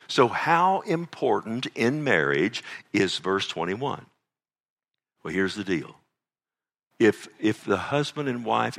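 A man's voice: fairly low pitch, a bit bright. An older man preaching a sermon as a pastor, emphatic, asking the listeners rhetorical questions and often restarting his sentences.

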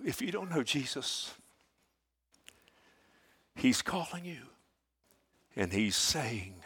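Folksy older preacher. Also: male voice, mid-range voice, big pitch swings, takes it slowly, pauses often, slightly rough. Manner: folksy storytelling, swinging from hushed to loud. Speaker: pastor. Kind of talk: sermon.

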